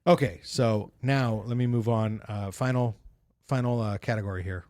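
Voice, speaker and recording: A man's voice: lowish voice, fairly even intonation, darkish tone, no echo, studio quality. A man co-hosting a podcast, chatting casually, hesitant with restarts as he steers the topic. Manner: halting, many fillers and restarts, leads topics. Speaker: podcast co-host.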